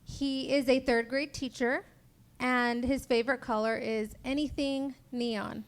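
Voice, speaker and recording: A woman's voice: high-pitched, steady tone, a little slow. A woman facilitating a church Bible study panel, chatty and upbeat, introducing the guests and asking them questions. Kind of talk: hosting a panel discussion.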